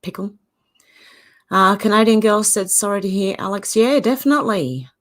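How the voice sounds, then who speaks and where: A woman's voice: mid-range voice, normal speed, a bit bright. An Australian woman hosting a casual livestream, greeting viewers by name and reading their comments aloud. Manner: greets chatters and reads comments aloud, chatty. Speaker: livestream host. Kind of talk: casual live-chat talk.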